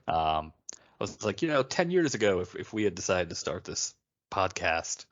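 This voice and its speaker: Low-voiced guy in his 30s, rambly podcast chat, muffled lo-fi sound. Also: big pitch swings, moderate pace, no room sound. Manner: rambling, full of fillers and restarts. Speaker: podcast co-host. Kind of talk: casual chat.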